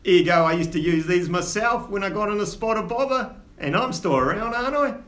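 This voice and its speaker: A man voicing a gruff older male dwarf father with a mock Cockney accent, bluff and chummy. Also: high voice, fairly quick, a bit bright, pitched above the performer's own voice. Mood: jovial. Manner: bluff, chummy, ends lines with "Gov".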